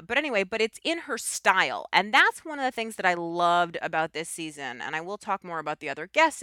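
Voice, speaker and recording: Bright, crisp-voiced woman podcast host. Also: fairly low pitch, no echo, studio quality. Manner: enthusiastic, rambling with asides. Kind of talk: casual chat.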